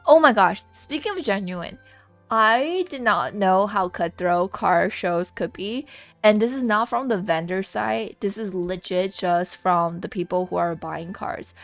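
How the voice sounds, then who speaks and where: Young female streamer, casual animated storyteller, mid pitch, soft music behind. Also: unhurried, gravelly. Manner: animated storytelling, laughs and swears. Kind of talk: casual live-stream chat.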